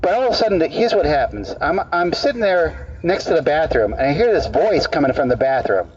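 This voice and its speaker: A man doing street comedy, telling a long, absurd story in stops and starts, often repeating his words. His voice sits a little high and sounds distant from the mic. The recording is dull and muffled, with faint outdoor noise behind him. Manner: halting, repeats words, deadpan absurd tale. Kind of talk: rambling stand-up storytelling. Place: outdoor public park.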